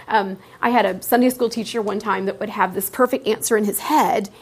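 A middle-aged woman teacher talking informally to fellow teachers, lively and acting out students' answers in little voices. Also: medium pitch, brisk, breathy edge. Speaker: teacher leading a workshop for teachers.

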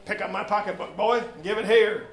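Man doing a big stern older woman, loud and high, scolding and folksy, story read aloud, echoey room. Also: a little fast, close to an everyday voice. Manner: firm, scolding, folksy speech. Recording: echoey room with faint noise.

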